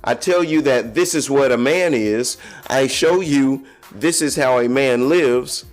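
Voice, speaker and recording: Male podcast host, mid-pitched, frank confessional monologue over faint music. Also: unhurried. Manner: candid, confessional, talks straight to listeners. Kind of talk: casual solo podcast monologue.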